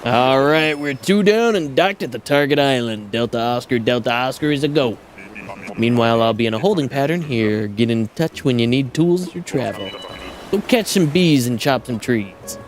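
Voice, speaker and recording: A streamer reading a game's dialogue aloud, voicing a male dodo pilot who talks in clipped, low radio jargon. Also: animated, moderate pace, faint music behind, natural voice. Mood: gruff.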